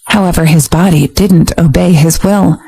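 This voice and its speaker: A woman narrating a romance audiobook in a steady, even storytelling voice. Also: on the low side, normal speed, creaky, breathy edge, rough recording. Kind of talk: scripted narration.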